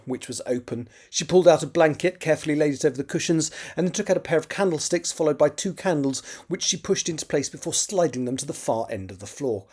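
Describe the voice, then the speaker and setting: Man, mid-pitched, reading own draft, self-correcting, wry. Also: a little mellow. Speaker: writer. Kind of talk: reading his own draft aloud with asides.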